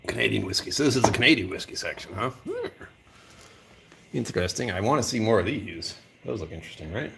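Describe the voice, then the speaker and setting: A man's voice: on the low side, lively intonation, fast, creaky, hardly any pauses, background noise. A man hosting a casual live vlog from a whiskey store aisle, thinking aloud and laughing often. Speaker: whiskey channel host.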